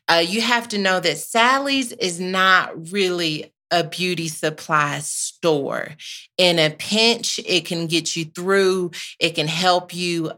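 A woman's voice: lowish voice, fairly bright tone. A woman in her thirties hosting a podcast live, chatting casually with playful asides and church-flavored sayings. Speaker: podcast host. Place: her office.

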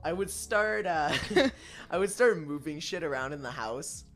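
A woman's voice: low-pitched, expressive, unhurried, faint music behind. A woman hosting a casual podcast chat, reading out questions and answering bluntly with lots of swearing. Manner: blunt and profane, laughs often. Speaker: podcast host.

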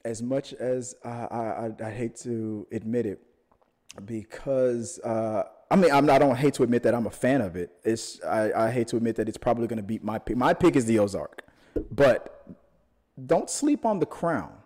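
Animated man in casual chat. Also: normal speed. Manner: animated, laughs often, jumps into high-pitched exclamations. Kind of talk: casual chat about TV awards.

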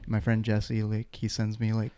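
A man's voice: fairly low pitch, monotone, normal speed, dark tone, clean tone. A man in his twenties hosting a casual chat podcast, rambling loosely as he talks. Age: 20s. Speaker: podcast host.

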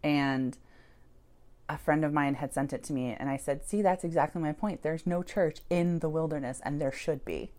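A woman with a slightly low voice tells a personal story in an interview, candid and animated. She swears freely and laughs between thoughts as she recounts how she came to start a church. Her voice rises sharply when she acts out her own reactions. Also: moderate pace. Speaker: church founder and pastor.

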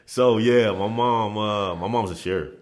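A former basketball player, appearing as a guest on a podcast, tells stories casually in a very deep voice at a measured pace. He sounds relaxed, often restarting and repeating phrases.

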